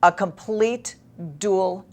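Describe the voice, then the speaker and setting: A woman guest in an interview, telling a painful personal story in an emotional, halting way with long pauses. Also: medium pitch, fairly even intonation.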